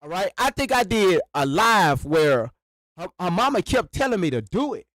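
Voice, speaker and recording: A man with a high, lively voice that leaps up and down as he rants to his livestream chat. He speaks into a close microphone in a dry, dead room and calls out to his viewers again and again. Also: moderate pace, no room sound. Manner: animated, repetitive, addresses viewers directly. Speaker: livestream host. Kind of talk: live reaction rant to chat. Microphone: sits behind a microphone.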